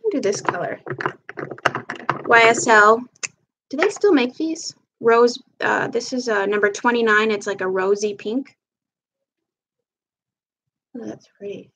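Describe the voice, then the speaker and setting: A woman with a slightly high voice chats casually during a live makeup stream. She meanders from one thing to the next while applying products, speaking into her camera at home. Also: unhurried, pauses often, a bit bright, slight background noise. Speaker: livestream host. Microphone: camera mic on a live stream.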